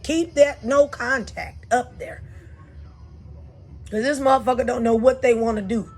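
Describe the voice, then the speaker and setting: A woman doing a blunt, profane tarot reading for her viewers, talking animated and fired up. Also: fairly high pitch, slightly rough. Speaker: tarot reader.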